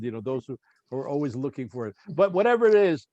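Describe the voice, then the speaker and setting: A man's voice: medium pitch, sing-song, fast, warm tone, no echo. A man teaching a Bible study class on a video call. He reads verses aloud in Hebrew, asks his students questions and prompts them to read. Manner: questioning, prompting readers, chatty asides.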